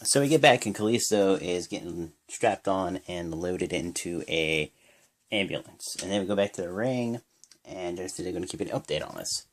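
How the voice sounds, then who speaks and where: A young man giving a casual, rambling play-by-play recap of a wrestling show, jumping into high yells when he acts out the wrestlers' lines. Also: expressive, normal speed. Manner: rambling with many fillers.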